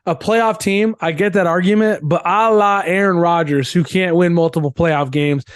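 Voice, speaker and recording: A man's voice: high-pitched, fairly even intonation, moderate pace, clear, resonant tone, no room sound, clean studio sound. A man co-hosting a sports podcast in casual chat, emphatic and opinionated, hammering his points by repeating them. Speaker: podcast co-host.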